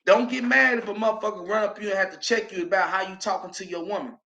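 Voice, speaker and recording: A Southern American man delivers a motivational monologue as host of his show. His voice sits very high and rings bright and forceful. He talks in a preachy, emphatic way, rising into shouts. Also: steady tone, quick pace, muffled recording.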